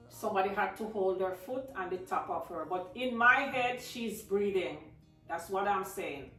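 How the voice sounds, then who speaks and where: With a medium-pitched, slightly bright voice, a woman from Jamaica relates a personal story to her viewers, whom she calls "guys," in an emotional, casual tone. The room echoes, the mic is distant, and there's faint music in the background.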